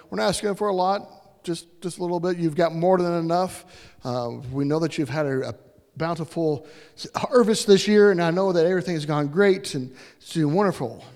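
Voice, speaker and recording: A man plays a humble servant who asks politely, hesitating as he goes. The voice is a little high, and a long hall reverb trails behind it. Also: darkish tone, close to an everyday voice.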